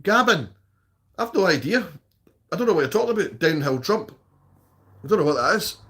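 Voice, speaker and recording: A man's voice: high voice, sing-song, brisk, fairly bright tone. A Scottish man chatting casually on a live stream, reading out viewer comments and answering them. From Scotland.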